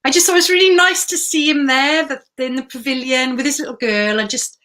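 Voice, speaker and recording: A woman, a podcast guest, chatting and telling stories with quick asides. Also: high voice, fairly even intonation, bright, forceful tone. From Wales. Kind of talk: casual chat.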